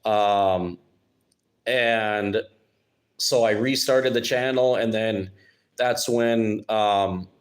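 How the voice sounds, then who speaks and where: A man's voice: on the low side, fairly even intonation. A man from Minnesota, hosting his channel in a rambling, sarcastic live-stream chat. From Minnesota, United States. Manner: rambling, halting, with many restarts and sarcastic asides. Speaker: YouTube channel host.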